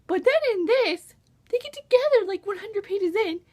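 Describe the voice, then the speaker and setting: Young woman, high voice, swooping animated intonation, gushing, exasperated, casual book vlog. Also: normal speed. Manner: gushing and exasperated, full of exclamations. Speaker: book reviewer.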